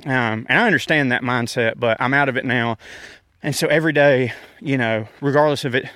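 A man in his thirties talks loosely and self-deprecatingly, chuckling as he goes. He is winded from walking through a park, and his voice sits at an ordinary pitch. The sound is close and dry, with no room around it. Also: fairly quick, sharp tone, smooth, dry recording. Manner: rambling, self-deprecating, frequent laughs. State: out of breath from walking. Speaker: comedian podcast host. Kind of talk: casual rant.

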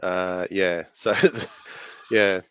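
A man's voice: low voice, flat delivery, very slow, fairly bright tone, smooth, no room sound. An Australian man co-hosting a podcast, explaining facts from his notes in casual chat and laughing easily. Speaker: podcast co-host.

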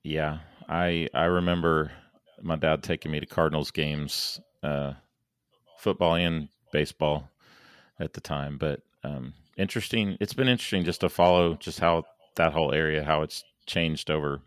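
A man from Saint Louis, a podcast guest talking casually in halting starts and restarts, his voice going hoarse. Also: rumbling low, fairly even intonation, no room sound, studio quality. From Saint Louis, USA. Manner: halting, many restarts and fillers. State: losing his voice. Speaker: guest, engineer and planner.

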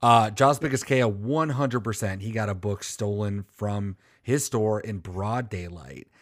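Male podcast co-host, lower voice, dry studio read, rambling and joking. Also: a little slow, no room sound. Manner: rambling, joking, swears freely. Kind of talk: casual chat.

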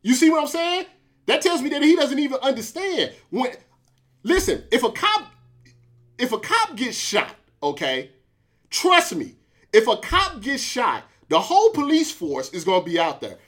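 Male talk-show host, high-pitched and emphatic, arguing his case in heated commentary. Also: normal speed. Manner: animated, emphatic, repeats points, addresses co-host by name. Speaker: podcast host.

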